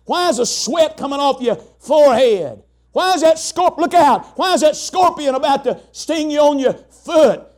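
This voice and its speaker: A man's voice: extremely high pitch, lively intonation, moderate pace, darkish tone. A man preaching voices the devil as a sly male tempter, mocking with needling questions. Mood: taunting.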